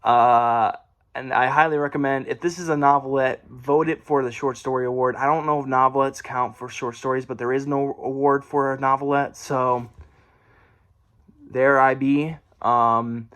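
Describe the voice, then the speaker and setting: A man's voice: mid-range voice, steady tone, moderate pace, fairly bright tone. Rambling, self-correcting casual man. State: briefly out of breath. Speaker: book reviewer and horror author. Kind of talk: casual book review vlog. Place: room at home.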